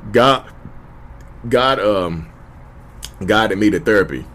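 On his own YouTube channel, a man gives casual, earnest advice straight to camera, circling back and repeating himself while calling his listeners y'all. His voice sits fairly low and has a fairly bright tone, and he speaks slowly but with animation.

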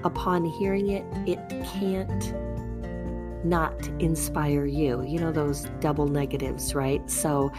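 An older woman hosting a faith podcast, talking calmly in a chatty, self-deprecating way. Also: low voice, takes it slowly, over music. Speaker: podcast host. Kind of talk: gentle faith podcast talk.

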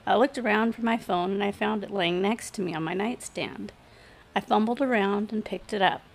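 A woman narrating a first-person story aloud in a steady, matter-of-fact reading voice. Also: mid-range voice, creaky. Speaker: story reader.

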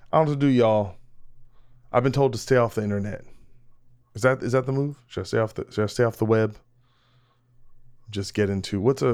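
A male podcast host with a lowish voice talks alone to his audience in a casual, wandering way. He mocks himself, restarts his sentences, and swears freely. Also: gravelly, a little mellow. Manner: rambling, self-mocking, frequent restarts and laughs; swearing, direct address to listeners. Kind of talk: casual solo podcast monologue.

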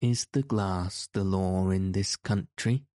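A man reading a storybook, voicing a calm, polite wandering man who is never flustered. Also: low voice, takes it slowly, no echo, studio quality.

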